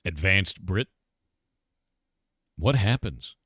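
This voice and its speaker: A man's voice: low voice, animated, drawn-out words, sharp tone, breathy edge, dry recording, studio quality. A middle-aged American man streaming live, riffing and joking with his chat in loose banter. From United States. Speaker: game developer streamer.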